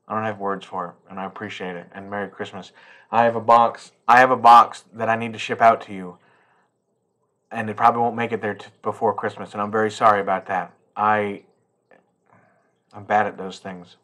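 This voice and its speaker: A man's voice: on the low side, little pitch movement, a little fast, pushed and bright. A middle-aged man chatting casually and profanely as he unboxes a toy collector's gift, rambling and heartfelt.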